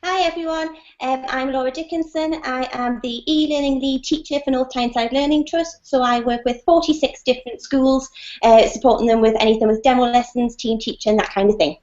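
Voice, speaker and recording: A woman with a high voice describes her e-learning work to the webinar host, lightly laughing. The call audio is dull and lo-fi. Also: fairly even intonation, brisk, darkish tone. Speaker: e-learning lead teacher.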